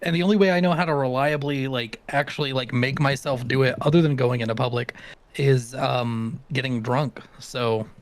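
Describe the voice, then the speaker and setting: A man's voice: mid-range voice, normal speed. A man from the American South, chatting and teasing casually on a live stream, laughing often.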